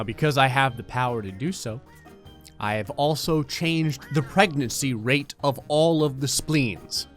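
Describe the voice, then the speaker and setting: Brief: male let's play commentator, gleeful and sarcastic, fairly high voice, quick laughs. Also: fairly bright tone. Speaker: gaming commentator.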